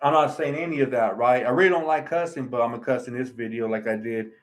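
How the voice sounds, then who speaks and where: A man's voice: medium pitch, fast, poor audio. A man telling his own story in a casual vlog, rambling and earnest, often tagging lines with "right?" and "you know". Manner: earnest, aggrieved.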